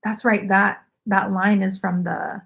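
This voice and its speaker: A woman's voice: medium pitch, little pitch movement, measured pace, creaky, fairly bright tone. A woman hosting a casual livestream from home, chatting in a rambling way and saying "like" often. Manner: rambling and chatty, heavy use of "like". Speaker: knitting livestream host.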